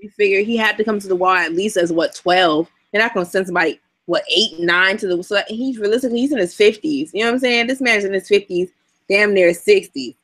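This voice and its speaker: A woman's voice: mid-range voice, quick pace, a bit bright, no room sound, rough recording. A woman co-hosting a casual podcast, playful and wry, riffing along with her friend. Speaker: podcast co-host. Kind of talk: casual chat.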